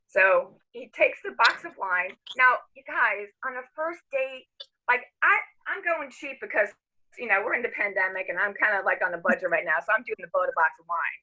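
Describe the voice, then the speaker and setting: A middle-aged woman telling a story casually among friends, animated, laughing and acting out the quotes. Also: medium pitch, a little fast, poor audio.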